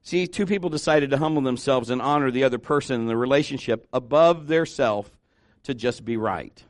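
A male pastor preaching a conversational sermon, asking the congregation questions and jumping into high excited voices when he acts out quotes. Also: a little fast, dry recording. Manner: animated, swings into high-pitched voices when acting out quotes.

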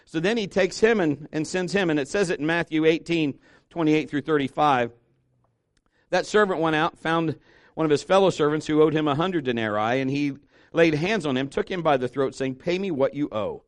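A man preaching a sermon as pastor, animated and emphatic, dropping softer and lower when reading scripture aloud. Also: moderate pace, dry recording, studio quality.

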